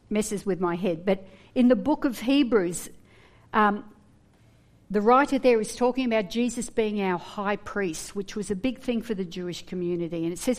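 A woman preaching a sermon, earnest and animated, with humorous asides. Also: mid-range voice.

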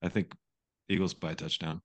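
A man's voice: sits low, level tone, a little fast, a bit bright. A man from the Pacific Northwest of the US co-hosting a casual sports betting podcast, easygoing but ready to argue a point. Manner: easygoing, argumentative, joking. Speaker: podcast co-host.

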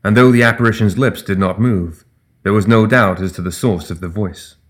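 A man narrates a fantasy novel in an audiobook. His fairly low voice stays steady and even as he tells the story. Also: normal speed.

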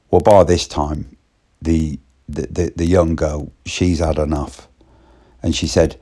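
Man, deep voice, slow and rambling, casual storyteller. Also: level tone, warm tone. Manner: rambling, repetitive restarts.

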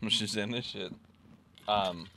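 A man's voice: lowish voice, normal speed, creaky, slight background noise. A young man from Idaho chatting casually on a podcast, ranting with lots of swearing. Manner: profane, ranting, animated. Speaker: podcast co-host. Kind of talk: casual chat.

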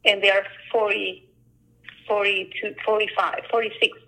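A woman artist who works on murals, talking casually and telling stories in an animated way, often acting out the lines people said to her. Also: medium pitch, normal speed, vocal fry, rough recording. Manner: animated storyteller, acts out quoted dialogue. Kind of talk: casual conversation.

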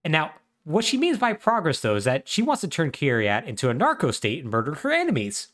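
Podcast guy retelling a game story, super lively up-and-down voice, lots of "like"s. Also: on the high side, brisk. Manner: animated, wry storytelling with many fillers. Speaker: podcast co-host. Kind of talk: casual chat recapping a video game plot.

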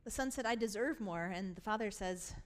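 A woman's voice: medium pitch, fairly quick. A woman pastor preaching a sermon, acting out the father's words with emphatic, rising force. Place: church sanctuary.

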